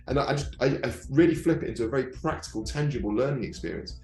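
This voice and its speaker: Fast-talking low-voiced man in an echoey room. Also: expressive, a little mellow, soft background music. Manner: reflective, candid. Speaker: startup founder guest. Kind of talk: casual podcast chat.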